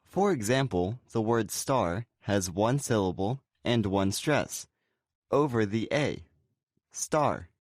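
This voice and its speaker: Lower-voiced man explaining pronunciation. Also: no room sound, studio quality. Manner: relaxed explaining with slow, clear example words. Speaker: pronunciation teacher. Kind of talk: scripted co-hosted lesson.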